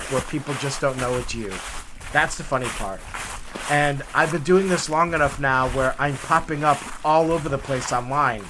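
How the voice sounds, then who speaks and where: A man's voice: on the high side, noisy background. A middle-aged man telling a rambling, amused story while walking a forest trail, recorded on a camera mic. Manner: relaxed, rambling, with many restarts and amused asides. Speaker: vlog host. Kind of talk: casual storytelling while hiking.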